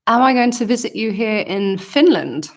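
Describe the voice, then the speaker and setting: Reading out fans' comments during a casual livestream Q&A, an English singer with a southern accent responds in a thoughtful, hesitant way full of ums. Her fairly high voice is expressive and moves at a normal speed.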